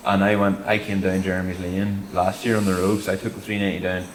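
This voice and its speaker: A man's voice: sits low, level tone, quick pace. A man co-hosting a podcast, telling a story in casual chat, swearing, laughing and acting out quotes. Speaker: podcast co-host. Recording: echoey room with faint noise.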